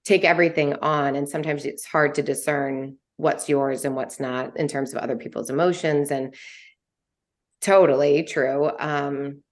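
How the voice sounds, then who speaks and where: A middle-aged woman co-hosting a book podcast, talking in an animated, emotional way with many restarts. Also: low-pitched, normal speed. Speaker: book club podcast co-host. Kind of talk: casual book chat.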